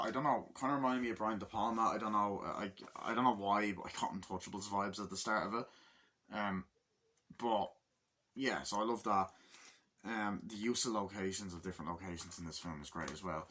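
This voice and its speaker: A man with a fairly low voice that still comes across bright and forceful, talking through a movie in a loose, unscripted way. He curses a lot and keeps jumping into excited bursts to act out scenes. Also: brisk. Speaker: movie reviewer. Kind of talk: casual spoken film review.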